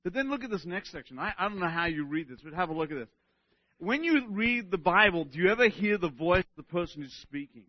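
A male pastor delivering an animated sermon, often checking in with "right?" and restarting his words. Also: sits high, fast talker, no room sound, dull audio.

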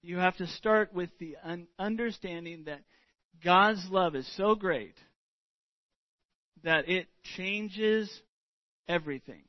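A middle-aged man preaching a sermon as pastor, earnest and deliberate, stretching out words for emphasis. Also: sits high, no echo, muffled recording.

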